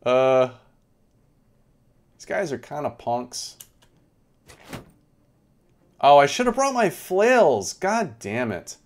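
A man's voice: on the high side, slow, long pauses. A young man giving chatty live game commentary, talking to his chat as he plays. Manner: chatty, animated, talks to chat. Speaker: streamer.

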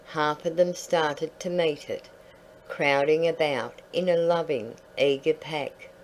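A woman reading a storybook aloud in a calm, measured way. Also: deep voice, a little hiss or hum, low-quality recording.

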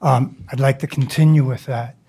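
A man giving a wry, joking, halting public comment at a city council meeting. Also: mid-range voice, steady tone, dark tone, breathy edge. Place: council chamber.

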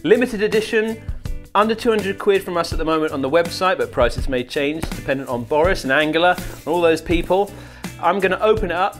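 A man's voice: high voice, lively intonation, brisk, soft background music. A man presenting a casual unboxing demo for a shop, chatty and jokey, with asides to a colleague off camera. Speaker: retailer product demo presenter.

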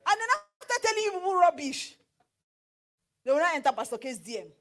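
A middle-aged Nigerian woman preaching on marriage, animated and slipping into pidgin with acted asides. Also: very high voice, quick pace. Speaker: pastor and marriage counselor. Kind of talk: sermon.

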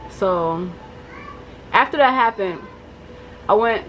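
A woman's voice: mid-range voice, slow, low-quality recording. Young woman, casual storytime vlog, chatty filler-heavy talk, faint hiss behind. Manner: chatty, animated retelling with many fillers. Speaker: vlogger. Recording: faint background noise.

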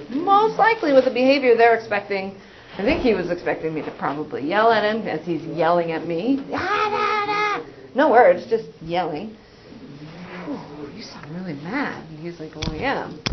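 A school psychologist presenting a parent training in a casual, conversational way, with frequent fillers and acted-out examples. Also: female voice, on the low side, background noise. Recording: dull, muffled sound.

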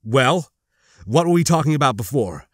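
A man's voice: medium pitch, animated, normal speed, no echo, lightly acted. Guy doing a chill young soldier guy, casual, dry close audio.

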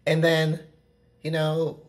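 A woman's voice: deep voice, monotone, slow pace, a little mellow. Picture a woman sitting in her apartment, talking close to the camera in an unscripted vlog. She rambles, circles back on herself, and leans on "you know" constantly, speaking frankly and without polish. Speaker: vlogger. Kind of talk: casual vlog rant to camera. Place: own apartment, indoors. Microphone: camera at close range.

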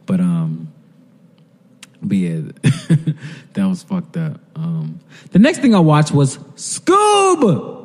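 A man's voice: deep voice, very animated, slow pace, pauses often. Profane rambling man in a reverberant room. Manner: profane, rambling, laughs while retelling scenes. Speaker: podcast co-host. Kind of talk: casual chat.

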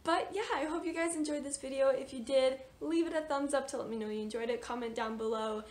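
A woman's voice: sits high, steady tone, quick pace. A young woman casually reviewing books for her vlog, chatty and gushing, with lots of fillers and exclamations. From United States. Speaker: book reviewer.

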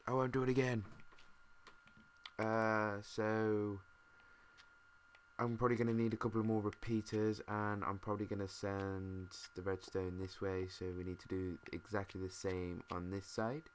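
A British man mumbling and thinking out loud, swearing now and then as he plays a game. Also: sits low, flat delivery, moderate pace, few pauses. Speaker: gamer. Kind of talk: casual let's-play commentary. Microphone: desk mic. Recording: noisy home mic with mouse clicks.

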